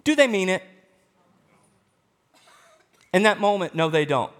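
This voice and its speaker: A male pastor preaching a sermon, expressive and swinging between loud and hushed. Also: sits high, quick pace.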